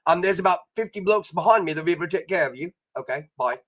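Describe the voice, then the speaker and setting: A man's voice: high-pitched, expressive, quick pace, a bit bright. A man putting on a jaunty Australian accent to play a breezy Australian driver brushing off a rider. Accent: Australian, put on.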